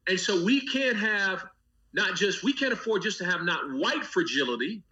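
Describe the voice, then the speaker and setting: A male pastor, interviewed as a guest, speaks in an expressive high voice with a sharp tone at normal speed, passionately and with a preacher's rhythmic cadence, repeating phrases and building long lists. The recording has its highs cut off.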